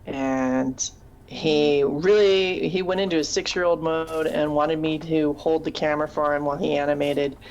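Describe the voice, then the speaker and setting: A woman's voice: low-pitched, fairly even intonation, normal speed, a little mellow, slight background noise. A woman co-hosting a casual live chat show, a teacher who rambles through stories and laughs often. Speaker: podcast co-host.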